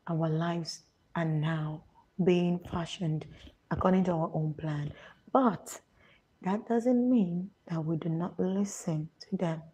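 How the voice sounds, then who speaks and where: A woman with a Nigerian accent answering viewer questions in a casual advice chat, often dropping to a hushed, confiding half-whisper. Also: fairly low pitch, vocal fry, breathy edge.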